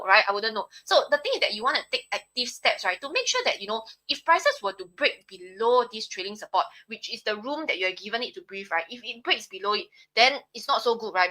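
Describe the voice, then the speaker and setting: Young singaporean lady explaining stock charts live, bright voice, keeps saying right?. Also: medium pitch. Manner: explanatory, frequent "right?" tags. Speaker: trading analyst on a live stream.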